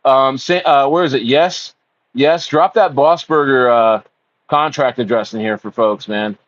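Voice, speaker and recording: A man's voice: mid-range voice, measured pace, dry recording, lo-fi sound. A man hosts a casual livestream. He rambles, fills his talk with ums and uhs, swears, and calls his viewers bro. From United States. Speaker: livestream host.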